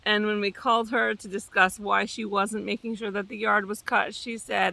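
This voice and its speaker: A woman property manager telling stories casually in a chatty, animated way, with fillers and restarts. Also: mid-range voice, normal speed, creaky. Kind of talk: casual storytelling vlog.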